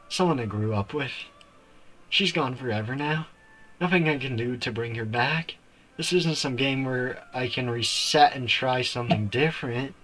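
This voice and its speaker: A man's voice: medium pitch, fairly bright tone, poor audio. A man streaming a game live, reading its story text aloud and breaking off into shocked outbursts.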